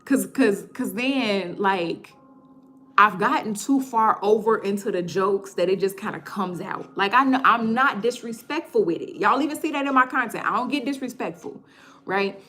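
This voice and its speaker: A young woman, hosting a casual livestream chat, joking, animated, often stammering and repeating herself. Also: mid-range voice, normal speed, soft background music. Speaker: livestream host.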